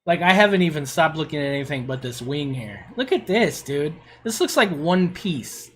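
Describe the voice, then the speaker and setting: A man's voice: a little high, sing-song, normal speed, breathy edge. A middle-aged man on a casual livestream, gushing and swearing as he reviews player builds.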